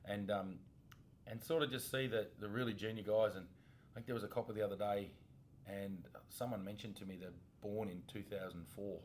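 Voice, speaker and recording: A man in his forties with an Australian accent, co-hosting a casual podcast as a former police officer, laid-back and quick to laugh. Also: lowish voice, fairly even intonation, darkish tone, a little hiss or hum. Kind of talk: casual chat.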